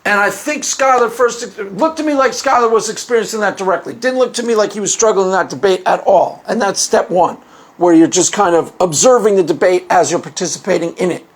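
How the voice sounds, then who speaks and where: A man with a notably high voice talks through a loose, rambling commentary. He repeats himself, chuckles often and keeps a casual, offhand tone. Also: brisk. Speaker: YouTube commentator. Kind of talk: casual monologue.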